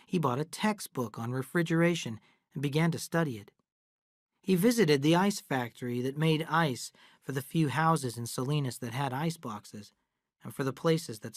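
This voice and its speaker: A narrator reading a novel aloud in a slow, even way as a story for English learners. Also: medium pitch, dry recording, clean studio sound.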